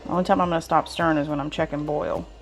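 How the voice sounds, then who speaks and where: A home cooking vlogger talks folksily to her viewers while stirring in her kitchen, chatting through a casual demonstration. Her low voice has vocal fry and a steady tone, but she races along, with faint music playing behind her.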